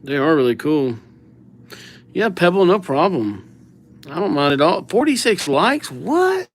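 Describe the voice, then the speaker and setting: A man's voice: on the high side, expressive, a little slow, no echo. A man hosting a casual livestream, reading out viewer names while he writes them, in an easygoing way. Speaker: livestream host.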